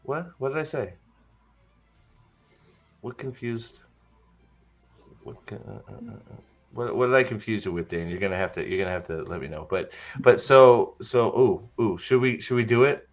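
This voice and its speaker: A man's voice: on the low side, expressive, normal speed, pauses often, dull audio. A man hosting a livestream podcast, chatting casually with joking, stammering restarts. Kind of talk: casual chat.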